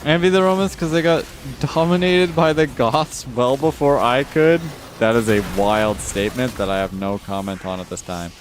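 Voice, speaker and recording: A livestreamer keeps a steady tone and normal speed as he reads chat and rants casually, dropping frequent swear words while his pitch rises in exasperation. A faint hiss or hum runs through the recording.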